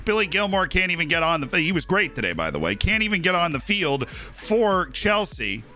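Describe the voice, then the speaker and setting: A man's voice: high voice, very animated, moderate pace, bright, forceful tone, faint music behind. A man hosting a live stream, chatting casually about football and rambling with lots of "right?" and "like". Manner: rambling, tags "right?" and "like" often.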